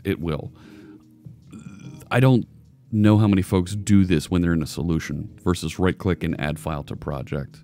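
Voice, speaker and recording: A man hosting a casual live coding stream, chatting loosely and joking with viewers as he works. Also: on the low side. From United States. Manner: rambling, chatty, jokey.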